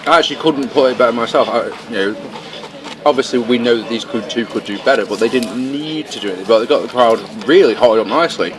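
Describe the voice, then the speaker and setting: A man co-hosting a casual podcast, chatty and swearing casually, recorded in a fast-food restaurant. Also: mid-range voice. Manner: chatty, swears casually, talks while eating. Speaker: podcast co-host. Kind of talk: casual chat. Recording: noisy crowded restaurant. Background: busy restaurant crowd chatter.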